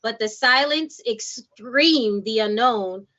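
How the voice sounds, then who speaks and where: A woman in her forties reading spoken word poetry on a livestream, soft-spoken and measured. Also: a little high. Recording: dull lo-fi livestream audio.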